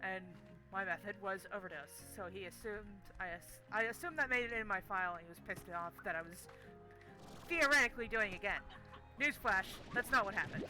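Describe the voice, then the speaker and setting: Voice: mid-range voice, a little fast, sharp tone, faint music behind, rough recording. A young adult game streamer telling a story casually while playing, swearing constantly in an exasperated rant.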